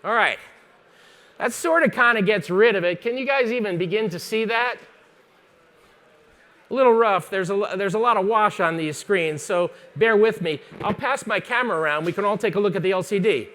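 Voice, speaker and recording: Brief: male instructor, higher-pitched, chatty and jokey, quizzing a live workshop crowd. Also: a bit bright. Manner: chatty, jokey, fast-talking teacher quizzing the audience. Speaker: photography instructor. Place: conference stage before a live audience.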